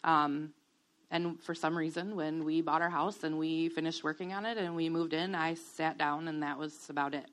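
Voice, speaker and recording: A woman in her thirties giving a candid, reflective personal testimony, with many pauses and soft laughs. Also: sits low, steady tone. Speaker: guest sharing a testimony.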